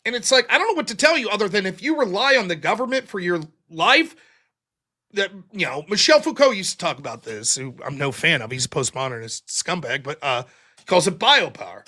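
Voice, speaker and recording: A man's voice: sits high, very animated, brisk, sharp tone. A man in his forties hosting a call-in show, talking bluntly and profanely, acting out quotes as he argues. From United States. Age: 40s. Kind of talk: casual political monologue.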